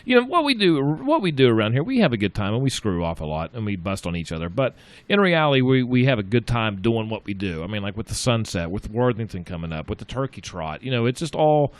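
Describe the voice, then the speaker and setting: A man's voice: fairly low pitch, very animated, fast talker, no echo. A man hosting a small local radio talk show in casual chat, rambling and repeating himself as he plugs community events.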